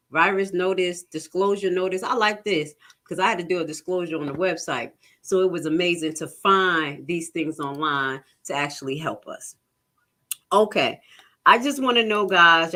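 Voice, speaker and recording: Chatty woman teaching tax liens. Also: fairly low pitch. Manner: chatty and animated, reads legal text aloud then explains it. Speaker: tax lien investing instructor. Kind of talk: casual teaching webinar.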